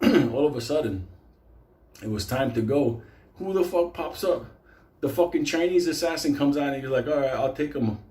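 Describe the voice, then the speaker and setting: A man casually telling a story, animated and swearing constantly. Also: on the high side, moderate pace, reverberant.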